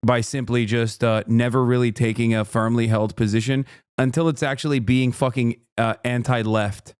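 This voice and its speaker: A man's voice: mid-range voice, fairly even intonation, normal speed, darkish tone, clean tone, dry recording, clean studio sound. A man streaming, ranting with heated, profane sarcasm while reacting to a clip.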